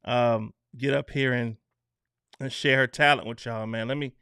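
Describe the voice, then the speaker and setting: Man, live-stream host, bright sharp voice, dry close sound, chatty, reads viewer comments. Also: medium pitch, fairly even intonation, normal speed, creaky, clean tone, dry recording. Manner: chatty, loose, laughs between comments. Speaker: online show host.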